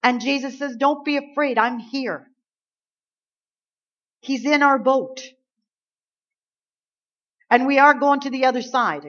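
A woman's voice: fairly high pitch, fairly bright tone, lo-fi sound. A woman preaching a sermon, earnest and emphatic, quoting scripture and building to stressed points.

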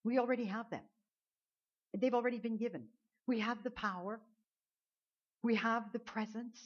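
A woman with a fairly high voice preaches in an earnest, chatty way, restarting phrases as she drives her point home. The recording is dull and lo-fi, as if taped at a church service. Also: steady tone, normal speed. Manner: earnest, conversational, repeats words while building a point. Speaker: pastor. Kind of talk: sermon. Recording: dull lo-fi sound.

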